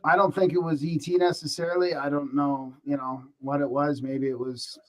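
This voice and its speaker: A man on a podcast telling a story in casual chat, rambling with many restarts and animated. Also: a little high, normal speed, low-quality recording. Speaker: podcast co-host.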